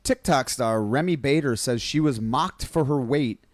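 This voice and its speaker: A man's voice: medium pitch, normal speed, no echo. A man co-hosting a podcast in casual chat. He chimes in with dry wisecracks and reads news items aloud. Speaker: podcast co-host.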